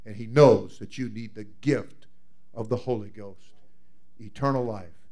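A man preaching a sermon as pastor, swinging from loud fervent cries to quiet, hushed asides. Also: on the low side, a little slow.

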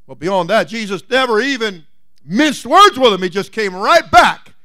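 A man's voice: high voice, expressive, normal speed, no echo. Pastor guy preaching, folksy and dramatic, voice jumps all over, dry close sound. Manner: folksy, dramatic, swings from loud to hushed. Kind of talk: sermon with storytelling.

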